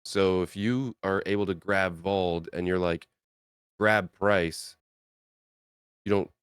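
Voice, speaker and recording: A man with a very deep, smooth voice, playing a tabletop game and thinking aloud with hesitant restarts. He is recorded close and dry. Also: steady tone, slow pace, fairly bright tone, dry recording. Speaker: player. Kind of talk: tabletop game play, casual.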